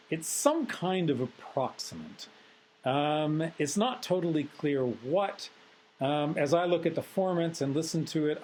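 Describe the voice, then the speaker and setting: Measured, analytical male lecturer. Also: a little high, darkish tone, slight background noise, low-quality recording. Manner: measured and analytical, with frequent filler sounds. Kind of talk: recorded phonetics lecture.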